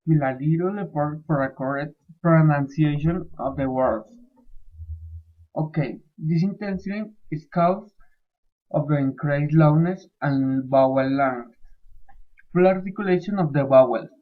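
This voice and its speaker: Slow, halting man on a tinny line. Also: on the high side. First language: Spanish. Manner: slow, halting, reading point by point. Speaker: student presenter. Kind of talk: class presentation.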